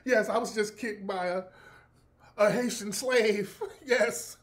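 A man doing a whiny, shrill injured actor. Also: fairly even intonation, slow pace. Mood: panicked. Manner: whining, profane, shrill complaining.

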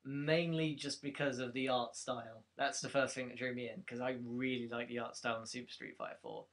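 A young man talks in a loose, chatty way as a co-host of a casual chat show. He laughs often and drops quick asides as he goes. His pitch sits in the middle range for a man. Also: steady tone, fairly bright tone. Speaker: podcast co-host.

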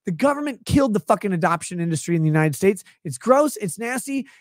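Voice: mid-range voice, expressive, fast talker, no echo. A commentator on a livestream show, ranting sarcastically and exasperatedly with plenty of swearing. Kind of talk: profane comedic rant.

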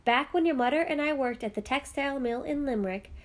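A woman's voice: sits high, fast, pitched above the performer's own voice, natural voice. A woman voicing a father from a storybook, telling a courtship tale with a storyteller's lilt. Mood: storytelling. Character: warm old-world Irish father telling a story.

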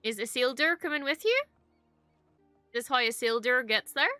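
High, bright excitable woman. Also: normal speed, clear, resonant tone, dry recording, faint music behind. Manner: excitable, exclaims and swears often. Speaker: reaction video host. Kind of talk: reacting to a TV episode.

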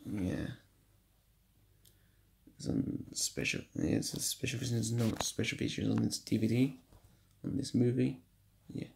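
A man at home casually showing off his DVD collection, reading out running times in a halting, stumbling way. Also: mid-range voice, gravelly. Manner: shouts at noisy kids, then apologizes. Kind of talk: casual home video show-and-tell. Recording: faint background noise.

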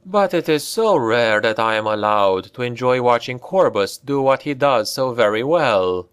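A man's voice: mid-range voice, lively intonation, normal speed, clean tone, close to an everyday voice. A man playing a cruel, smug nobleman in an audiobook, speaking in a cold and imperious way.

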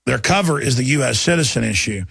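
A combative talk radio host, a man in his thirties with a Texan accent, and his voice is gravelly and husky. He talks fast, repeats himself, and sits a touch high for a man. The studio sound is dry and close. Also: animated, fairly bright tone, no echo. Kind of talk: talk radio monologue and call-in. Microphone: studio microphone.

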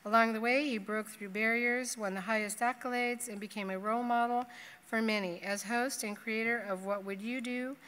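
A woman's voice: fairly high pitch, steady tone, moderate pace, a bit bright. A woman emceeing a conference, reading a prepared introduction of the keynote speaker. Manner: reads a prepared bio. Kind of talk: scripted introduction. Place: large conference hall. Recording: reverberant hall.

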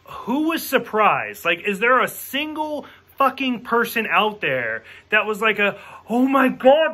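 A man's voice: sits high, bright, forceful tone, breathy edge. Exasperated man ranting in a movie review. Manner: exasperated, profane, acts out characters' lines. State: drinking while reviewing.

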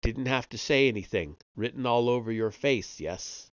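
A man voicing an ancient male tree librarian with a thick, raspy voice, a strange accent and oddly inverted, cryptic speech. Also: medium pitch, moderate pace, no echo, highs cut off, natural voice. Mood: cryptic, ominous.

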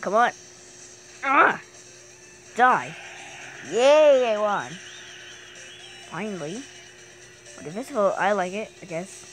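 Excitable woman shrieking through gameplay. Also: mid-range voice, a little slow, pauses often, soft background music. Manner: excitable, bursts into shrieks and yelps; talks to herself while playing. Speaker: gaming channel host. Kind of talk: casual gameplay commentary.

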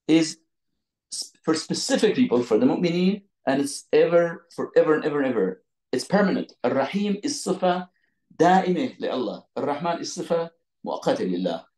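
A man teaching an online Quran lesson over a video call from his phone, explaining with lots of repetition and quick restarts. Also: a little high, gravelly, a little mellow, roomy sound, rough recording. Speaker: Islamic teacher.

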